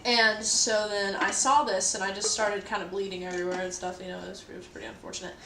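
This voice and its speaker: A woman's voice: mid-range voice, flat delivery, fast, background noise. A young woman streaming from her kitchen, telling a story in a blunt, nonchalant way and swearing freely while she does the dishes. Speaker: livestreamer. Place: home kitchen. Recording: roomy kitchen, far from mic, clattering dishes. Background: dishes and pots clattering.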